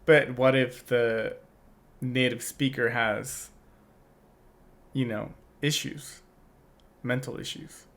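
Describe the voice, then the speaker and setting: A young man co-hosting a podcast, asking slow, thoughtful questions that trail off. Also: mid-range voice, fairly even intonation, fairly bright tone. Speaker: podcast co-host. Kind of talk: casual chat.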